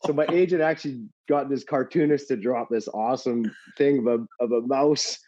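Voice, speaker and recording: Middle-aged guy telling a story on a podcast, laughs a lot, warm relaxed voice, kinda muffled audio. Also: medium pitch, moderate pace. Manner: animated anecdote-telling, laughs often, swears. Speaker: former pro hockey player, podcast guest. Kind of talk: casual chat, storytelling. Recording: slightly dull lo-fi audio.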